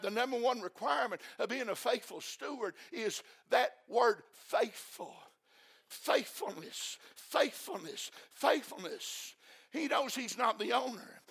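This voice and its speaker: A male preacher delivering an impassioned sermon, repeating phrases and breaking into shouts. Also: very high-pitched, gravelly.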